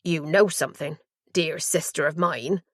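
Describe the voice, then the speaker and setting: A woman's voice: low voice, normal speed, no echo, clean studio sound, pitched below the performer's own voice. A woman doing a surly, menacing brother. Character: hungover, bullying young adult brother.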